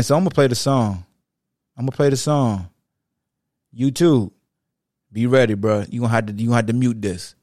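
Gravelly, exasperated man ranting. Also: mid-range voice, no room sound, studio quality. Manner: exasperated, slangy, swings between shouting and muttering. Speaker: sports podcast host. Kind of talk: animated football recap rant.

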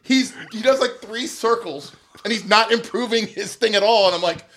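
A high-pitched man tells a story at normal speed in a casual chat. He's animated, laughing often and acting out what people said.

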